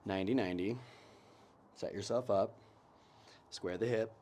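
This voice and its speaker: A man's voice: lowish voice, moderate pace, dark tone, slight background noise. A man leading a home mobility workout on a new mic, giving cues and countdowns and joking as he goes. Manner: coaching cues, counts down, jokes and laughs. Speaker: fitness instructor. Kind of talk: guided mobility class instruction. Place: home, lawn blower outside. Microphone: new microphone.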